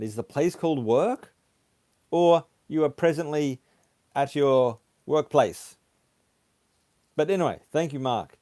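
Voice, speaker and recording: A man hosting a casual livestream, chatting haltingly as he reads viewer comments aloud. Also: on the high side, expressive, warm tone, dry recording, clean studio sound. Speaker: livestream host. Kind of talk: casual live chat reading comments.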